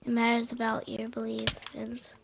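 A woman hosting a gaming channel, chatting casually while she plays, quick to react and often repeating herself. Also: a little high, monotone, gravelly, a crowd in the background. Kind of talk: casual chat while playing a video game.

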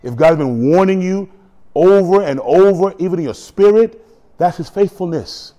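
A pastor preaching a lively sermon, acting out quotes and voices with humor. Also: male voice, high-pitched, moderate pace, dull audio.

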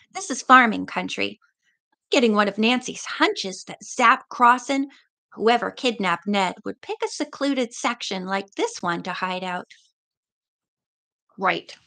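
Gravelly-voiced woman reading a novel aloud. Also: medium pitch, expressive, unhurried, bright, forceful tone. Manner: chatty asides between passages. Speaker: reader.

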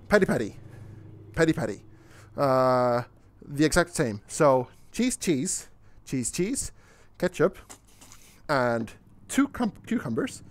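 A young man giving casual let's-play commentary, excitable, swearing casually and talking to himself while he plays. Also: medium pitch. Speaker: gaming YouTuber.

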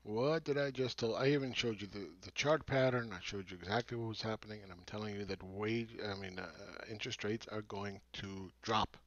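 A man's voice: lowish voice, fairly quick, few pauses, dry recording. Guy ranting about markets, mocking and swearing, kinda dull lo-fi audio, dead dry. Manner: mocking, profane, emphatic. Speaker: market commentary host.

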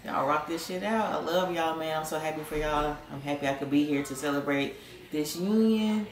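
Relaxed young woman's casual toast. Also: low voice, moderate pace, reverberant. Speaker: longtime friend of the bride.

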